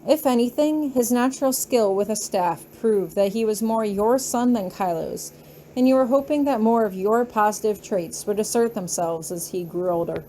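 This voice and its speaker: A woman narrates a fan fiction audiobook in a calm, measured way. Her voice is mellow and warm, with faint noise in the background. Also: mid-range voice. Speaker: audiobook reader.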